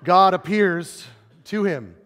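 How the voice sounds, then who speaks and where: A man's voice: high voice, slow, soft background music. Man preaching in a reverberant hall. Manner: animated storytelling, acts out quotes. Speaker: pastor. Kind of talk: sermon. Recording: long reverb of a large hall.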